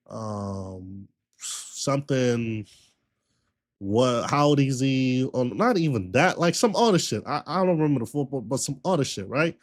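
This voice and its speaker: A male streamer with a medium-pitched voice tells a long story in a casual, slangy rant, repeating himself a lot and retelling events with animation.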